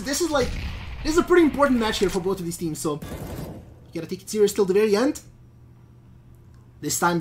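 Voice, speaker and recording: A young woman giving chatty, excitable play-by-play commentary on an esports match, often repeating herself. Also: mid-range voice. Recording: steady background noise with clicks.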